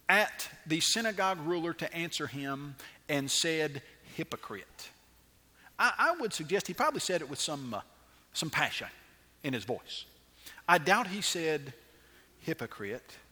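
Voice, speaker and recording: A male pastor preaching an animated sermon with dramatic pauses and rhetorical questions. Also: high-pitched, in a large hall.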